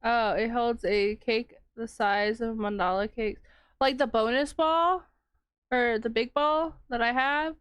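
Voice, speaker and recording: A woman streamer talks slowly and loosely with her viewers, her voice sitting a little high. She laughs often and reacts to chat. The sound is dry and close, with no room around it. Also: fairly even intonation, a bit bright, smooth, no echo. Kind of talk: casual chat with live chat.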